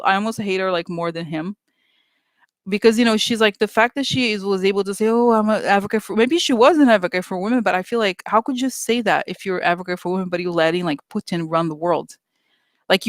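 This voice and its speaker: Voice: medium pitch, a bit bright, dry recording. Exasperated chatty vlogger, dry close sound. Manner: chatty, exasperated, many fillers and restarts. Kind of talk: casual opinion rant to viewers.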